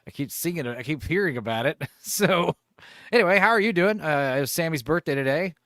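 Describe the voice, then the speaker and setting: A man hosts a casual livestream, talking in a rambling, chuckling way with a lively, bouncing pitch. He sits close to a desk mic in a dry, dead room. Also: brisk, dry recording. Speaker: streamer host.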